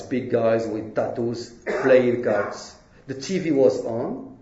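Mellow-voiced man telling his story in a roomy space. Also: medium pitch, dull audio. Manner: earnest, halting non-native English with frequent restarts. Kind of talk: personal storytelling talk.

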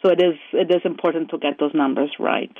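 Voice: medium pitch, steady tone, fast, dry recording. A climate researcher answering interview questions carefully, with many ums and repeated words. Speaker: climate scientist guest. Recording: tinny phone-like line.

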